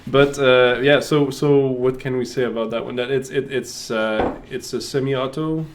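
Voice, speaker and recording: A man's voice: mid-range voice, steady tone, moderate pace, a little hiss or hum. Joking man with a French Canadian accent. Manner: joking, laughs often. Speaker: stream host. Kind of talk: casual dev stream chat.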